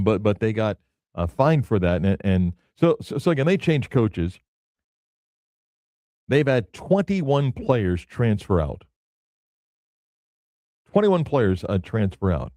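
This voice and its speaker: A man's voice: fairly low pitch, expressive, a little slow, pauses often, dark tone, dry recording, studio quality. A man hosting a sports radio show, talking loosely with lots of fillers. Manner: loose and conversational, many fillers. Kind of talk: casual sports talk. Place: radio studio.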